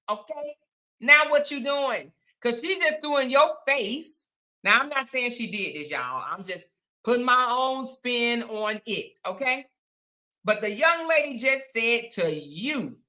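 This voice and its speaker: A woman hosts a casual online chat, reading viewer comments and answering them with playful teasing and frequent laughs. She speaks in a bright, sharp voice that sits a little high. Her delivery stays lively and conversational. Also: slow pace. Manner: animated, teasing, laughs often, playful asides.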